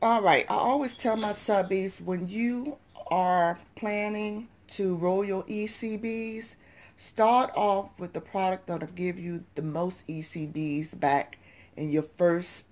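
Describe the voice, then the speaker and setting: A woman's voice: lowish voice, takes it slowly, a little mellow. A woman with a groggy early-morning voice, chatting to viewers in a casual haul vlog as a couponing vlogger and parent of young children. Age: adult parent of young children. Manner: chatty, addresses viewers as y'all and subbies.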